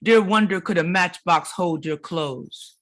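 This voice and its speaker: A woman poet giving a dramatic, rhythmic reading of her poems at a literary event, swinging between forceful lines and hushed ones. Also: fairly low pitch, measured pace. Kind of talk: performed poetry reading.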